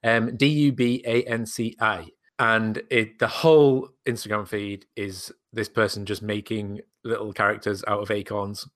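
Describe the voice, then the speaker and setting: A man's voice: lowish voice, flat delivery, a little slow, hardly any pauses, fairly bright tone. A man co-hosting a casual podcast chat, enthusiastic and swearing freely. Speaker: podcast co-host.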